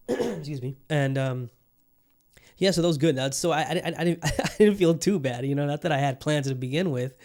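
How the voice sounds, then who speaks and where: A young man hosting a podcast alone speaks at a moderate pace in a fairly high, slightly mellow voice. His casual solo chat rambles along with plenty of fillers and restarts.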